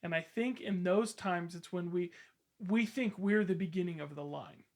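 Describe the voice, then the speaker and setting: High voiced podcast cohost dude, reflective with jokes mixed in. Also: male voice, moderate pace. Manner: reflective, playful. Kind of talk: casual podcast discussion.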